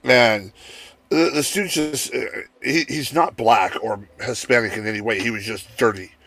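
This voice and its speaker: A man's voice: medium pitch, normal speed, no echo. A man telling rowdy work stories on a casual podcast, swearing freely and acting out the people he talks about. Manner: profane, animated, acts out the people in his stories.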